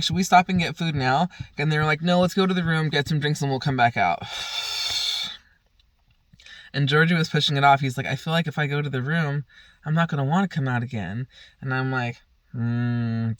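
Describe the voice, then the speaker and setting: A man's voice: fairly high pitch, fairly bright tone, no echo. A young man casually telling a rambling, profane story on his vlog, often laughing. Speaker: vlogger.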